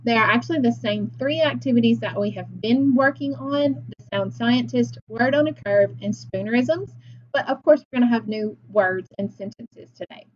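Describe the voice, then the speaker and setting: A woman teacher leading a phonics lesson for young children, slow and encouraging, pausing for their answers. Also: fairly high pitch. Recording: slightly dull lo-fi sound with faint noise.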